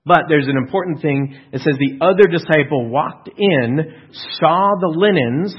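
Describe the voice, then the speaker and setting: Male pastor mid-sermon, emphatic, slightly raspy, muffled lo-fi sound. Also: a little high, normal speed. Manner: earnest, emphatic with frequent restarts and rhetorical questions.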